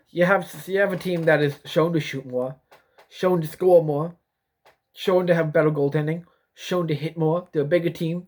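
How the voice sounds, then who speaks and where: A man's voice: on the high side, a little mellow. A young man in a casual vlog, rambling and repeating himself as he talks through a prediction, yawning now and then. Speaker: YouTuber giving sports predictions.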